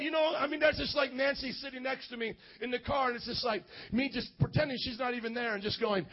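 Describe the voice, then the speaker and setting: A man preaching a charismatic sermon as pastor, fervent, swinging from shouting to quiet and calling on the congregation to respond. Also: extremely high pitch, fairly even intonation, quick pace, hardly any pauses, highs cut off.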